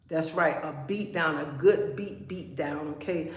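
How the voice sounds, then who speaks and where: A woman's voice: on the low side, moderate pace, hardly any pauses. A woman hosting a casual livestream gives blunt, preachy advice. She keeps checking in with "okay?" and calling listeners "honey". Her voice echoes around a bare room. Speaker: livestream host.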